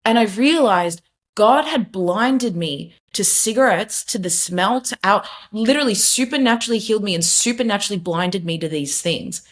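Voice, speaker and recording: A woman's voice: mid-range voice, expressive, normal speed. A young adult woman, a podcast guest, giving an earnest, emphatic personal testimony in casual conversation, with many fillers and restarts.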